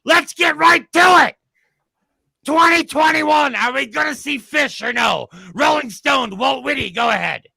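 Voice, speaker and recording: A shrill, gravelly blowhard TV host. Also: male voice, a little slow, no echo, exaggerated voice. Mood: blustering. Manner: loud, blustering, pushy. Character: brash adult male TV panel host. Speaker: comic news panel host. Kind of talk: comedy sketch, mock panel show.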